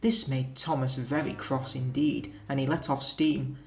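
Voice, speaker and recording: A man narrating a children's railway storybook with gentle, expressive storytelling. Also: mid-range voice, a little slow, vocal fry, poor audio.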